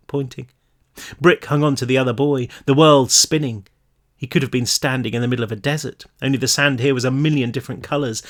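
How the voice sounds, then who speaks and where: A man, the author, reading his own novel aloud in a home-recorded read-through, emotional and rising in pitch at tense moments. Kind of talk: audiobook-style reading.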